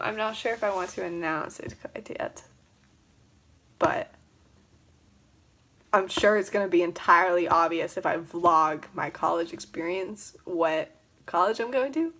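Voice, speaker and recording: A woman's voice: medium pitch, a bit bright. A young woman chatting casually on a livestream, rambling with lots of fillers and frequent giggles. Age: young adult. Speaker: vlogger.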